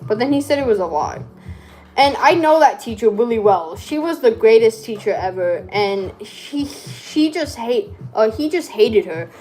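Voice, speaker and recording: A woman vlogger chats casually as she crafts, rambling along and cutting herself off. Her voice is a little high and darkish, with lively intonation and a moderate pace. She has a speech impediment that makes her R's hard to say, and soft music plays behind her.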